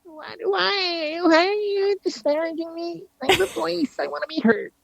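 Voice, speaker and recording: A man's voice: extremely high pitch, unhurried, vocal fry, fairly bright tone, no echo, voice pushed up, exaggerated voice. A man voicing his whiny preteen daughter in a nasal baby voice. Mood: indignant whining.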